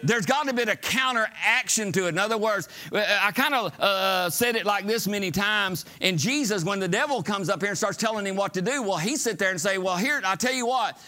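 High, bright-voiced preacher man. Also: a little fast, hardly any pauses. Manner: folksy storytelling, rising to shouted preaching. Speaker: pastor. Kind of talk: sermon. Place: church sanctuary.

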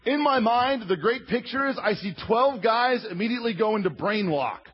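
A man in his thirties, a pastor preaching a sermon with humorous, animated storytelling. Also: high voice, moderate pace, slightly rough. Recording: slightly muffled recording.

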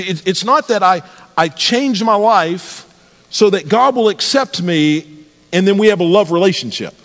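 A man's voice: sits high, big-room sound. A man preaching a sermon as pastor, earnest, often repeating and restarting his words as he builds each point. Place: church sanctuary.

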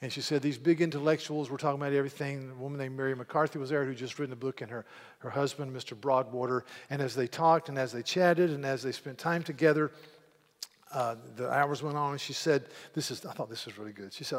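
A man preaching a sermon in an earnest, emphatic way, often repeating words as he builds to loud passages. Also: mid-range voice, fairly even intonation, brisk. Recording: long hall reverb.

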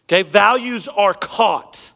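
A man in his thirties preaches from a church stage, mixing jokes and chatty asides with the congregation. His voice sits high for a man and he leans hard on key words. A long reverb from the big hall trails behind every phrase. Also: slow, creaky, sharp tone. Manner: conversational and humorous, jokes with the congregation; emphatic, punching key words. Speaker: pastor. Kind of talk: sermon. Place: church sanctuary stage under bright lights.

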